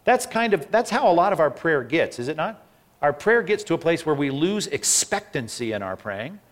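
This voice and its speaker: A man preaching a sermon, animated and asking rhetorical questions, acting out the people in the story. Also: fairly high pitch, moderate pace. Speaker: pastor.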